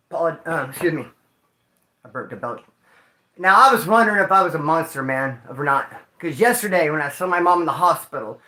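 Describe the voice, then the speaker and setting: On the high side and pushed bright, this man's voice bounces around an echoey room. Hosting a livestream while grieving, he talks to chat in a slangy, emotional way, addressing them as homeboy and dude.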